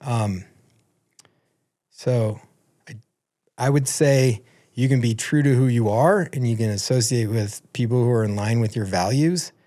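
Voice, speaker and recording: A man talking casually as a podcast guest, animated and loose, peppering his story with swearing. He jumps up into a higher, louder voice whenever he quotes someone. His pitch sits in an ordinary middle range. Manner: animated, profane, acts out quotes in a raised voice.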